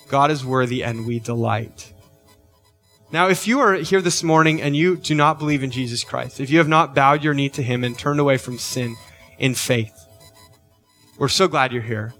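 A man's voice: on the high side, a bit bright. A middle-aged man preaching a sermon as pastor, earnest, often checking in with "right?" and lifting his voice on key questions.

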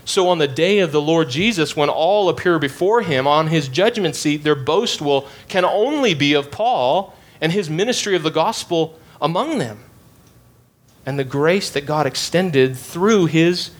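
A man preaching an expository sermon with a fairly high voice. He talks emphatically and circles back on his phrases to drive each point home. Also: lively intonation, unhurried.

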